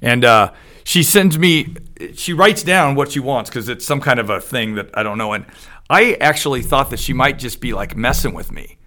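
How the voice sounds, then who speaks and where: A man's voice: medium pitch, expressive, moderate pace, sharp tone. A middle-aged man, a former baseball coach, chatting as a guest in an easygoing storytelling manner. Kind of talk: casual chat.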